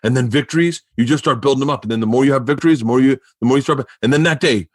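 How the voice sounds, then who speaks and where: A man's voice: medium pitch, rapid-fire, no room sound, studio quality. A man hosting a podcast, telling stories in casual, profane chat and laughing often. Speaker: podcast host.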